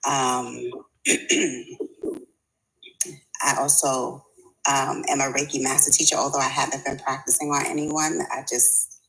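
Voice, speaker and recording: A woman speaking hesitantly as a client in a reading session, pausing often. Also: extremely low pitch, level tone, vocal fry, fairly bright tone, poor audio. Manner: hesitant, many pauses and fillers. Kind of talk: casual conversation in a reading session.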